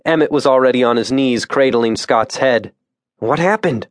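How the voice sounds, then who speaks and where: A man reading a suspense thriller audiobook in a measured, tense narration voice on a close studio mic. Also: medium pitch, steady tone, dry recording. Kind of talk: scripted narration.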